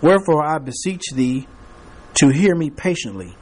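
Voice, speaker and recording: A man's voice: on the high side, sing-song, moderate pace, darkish tone, slightly rough. A man teaching a Bible class, reading scripture aloud and prompting the class to fill in the words, with chuckling asides.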